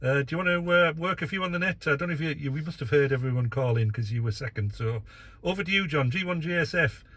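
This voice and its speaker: A man's voice: a little high, fast, fairly bright tone, no echo. A man running an amateur radio net from his vehicle, chatting casually and reading out call signs with many filler uhs. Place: in a vehicle, operating mobile.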